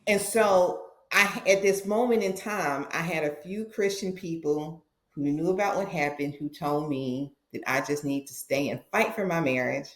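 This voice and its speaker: Animated woman storyteller, roomy echo. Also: sits low, normal speed, few pauses. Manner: animated, acts out dialogue in her stories. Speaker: podcast guest, therapist. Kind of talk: personal storytelling in an interview.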